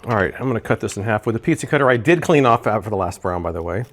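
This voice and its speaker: Speaking very fast and animatedly in a fairly low pitch, a man reviews kitchen gadgets while he cooks at home. It's a casual cooking review vlog, and he thinks aloud throughout.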